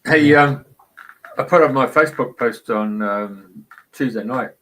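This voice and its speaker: A man's voice: medium pitch, unhurried, a bit bright, slight background noise, low-quality recording. A man hosting a radio talk show, telling a casual anecdote in a chatty way. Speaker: radio host. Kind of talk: casual storytelling.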